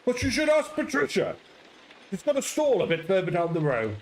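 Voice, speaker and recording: A man's voice: high voice, huge pitch swings, brisk, a little hiss or hum, pitched above the performer's own voice, full character voice, poor audio. A man voicing a pedantic, salesy old male bookseller in a game read-aloud, with a prim, lecturing delivery.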